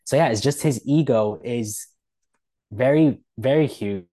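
A man's voice: medium pitch, a little slow, dark tone. A man co-hosting a podcast, talking casually and indignantly with lots of filler words. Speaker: podcast co-host.

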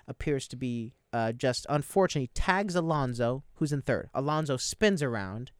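A man talks through a motor race in a casual sports chat, retelling the events in lively detail. His voice is smooth and resonant, recorded close and dry with no room sound. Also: medium pitch, dry recording.

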